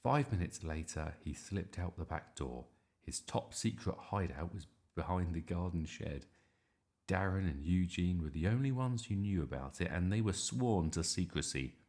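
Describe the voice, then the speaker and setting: A man reading a children's story aloud in an expressive, animated way. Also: low voice, moderate pace.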